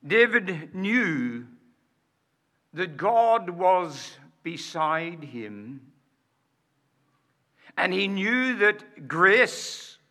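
Slow, emphatic man preaching a sermon. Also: high voice, bright, forceful tone. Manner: rhetorical questions to the congregation.

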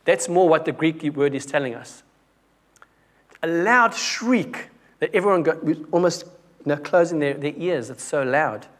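Preaching in a conversational style, this young man has a highish voice with lively intonation and an unhurried pace. He restarts often and lets his volume fall dramatically when driving a point home.

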